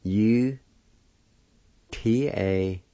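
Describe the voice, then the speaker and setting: A man teaching a language lesson, deliberately spelling out and sounding each syllable one by one. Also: fairly low pitch, mellow, no echo. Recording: dull lo-fi recording.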